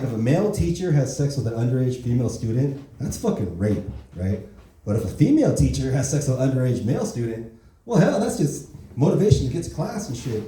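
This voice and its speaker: Profane stand-up comic in an echoey club. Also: male voice, medium pitch, dark tone, slight background noise. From Korean heritage. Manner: profane, conversational, keeps asking "right?" and "you know?". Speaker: stand-up comedian. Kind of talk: open mic stand-up set. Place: comedy club open mic. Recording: echoey room, mic heard from a distance.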